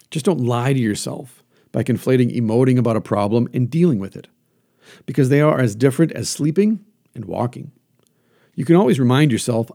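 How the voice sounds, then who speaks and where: A man hosting a solo talk, coaching the listener earnestly and putting questions to himself out loud. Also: mid-range voice, vocal fry. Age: adult, teaches classes. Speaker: podcast host.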